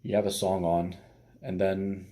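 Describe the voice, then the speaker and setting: A man's voice: low-pitched, little pitch movement, unhurried, mellow. A man giving casual dating advice as a coach, blunt and profane, with many fillers.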